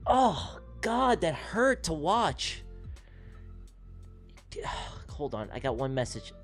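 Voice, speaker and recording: A man's voice: fairly high pitch, animated, slow, faint music behind. A man hosting a live trading stream, venting and swearing as he talks his chat through a trade that went wrong. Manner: exasperated, venting, profane. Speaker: livestream trading host.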